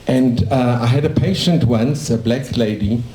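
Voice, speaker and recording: A man's voice: medium pitch, unhurried, heavy background noise. A man in his sixties from South Africa, a dentist telling his life story in a cafe in a rambling, anecdotal way. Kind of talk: casual storytelling to a small audience. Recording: echoey cafe room.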